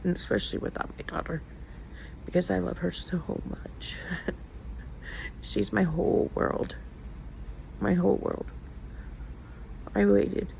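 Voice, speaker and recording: A woman's voice: medium pitch, creaky, darkish tone, a little hiss or hum, low-quality recording. An older woman talking casually in a personal vlog, emotional and rambling as she confides in her viewers. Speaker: vlogger.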